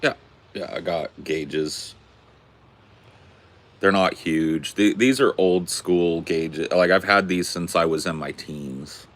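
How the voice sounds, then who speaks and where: A man's voice: low voice, takes it slowly, fairly bright tone, a little hiss or hum. A man in his forties who answers viewer questions in casual chat, in a laid-back, joking, rambling way. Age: 40s.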